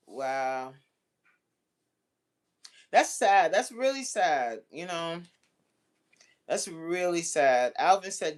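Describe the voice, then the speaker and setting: A woman's voice: low voice, animated, slow pace. A woman hosting a casual livestream, reading out chat comments and bantering back in a playful, teasing way.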